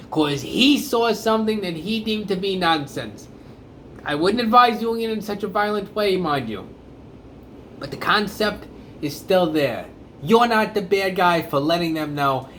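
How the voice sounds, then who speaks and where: Guy doing a blunt rant monologue, bright edgy voice, faint room hum behind. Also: high voice. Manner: storytelling, blunt and emphatic. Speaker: comedic commentator. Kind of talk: opinionated monologue to camera.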